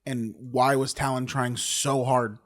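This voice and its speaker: A man's voice: medium pitch, flat delivery, slow. A man taking part as a player in a tabletop game, asking plain, matter-of-fact questions.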